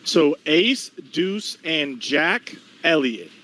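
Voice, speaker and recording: A man's voice: fairly high pitch, very animated, drawn-out words, sharp tone, slight background noise, low-quality recording. A man hosting a live-stream interview, hyped and talking straight to the chat. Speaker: host.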